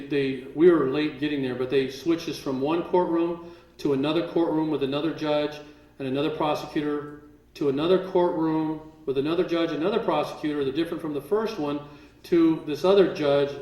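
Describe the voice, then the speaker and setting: A man speaking at a live seminar, telling stories animatedly and acting out what others said, with occasional laughter. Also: on the high side. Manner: animated, acts out quotes, laughs while telling. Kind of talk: storytelling to a live audience. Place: large room with a live audience. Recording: roomy echo, distant mic.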